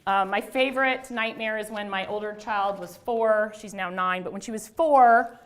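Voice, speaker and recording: A woman's voice: medium pitch, normal speed. A middle-aged woman, a religious studies scholar, giving a conversational lecture to an audience, with self-deprecating asides and restarts. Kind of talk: lecture talk to a live audience.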